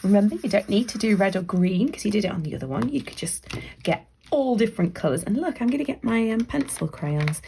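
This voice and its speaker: A woman leads a children's drawing tutorial in a chatty, encouraging way, often dropping into soft whispered asides. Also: medium pitch, animated, fast talker, gravelly, slight background noise. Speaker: library staff member leading a craft activity.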